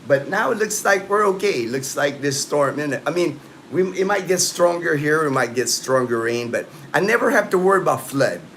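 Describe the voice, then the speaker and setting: Speaking a little fast at a fairly high pitch, a man in his late fifties sounds expressive and fairly bright as he hosts a casual livestream from home in the Philippines. He rambles loosely, answers viewers' comments, and leans on "you know" and "man." There's slight background noise.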